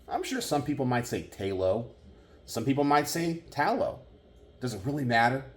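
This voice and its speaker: A man hosting his own channel, talking earnestly to the camera and often checking in with "right?" and "okay?". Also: mid-range voice. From Texas. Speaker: gun channel host. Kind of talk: casual talk to camera.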